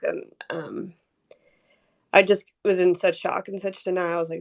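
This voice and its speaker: A woman's voice: fairly low pitch, steady tone, moderate pace, gravelly. A woman talking in a casual group conversation, rambling with lots of fillers and emotion as she remembers a friend. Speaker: community member sharing memories.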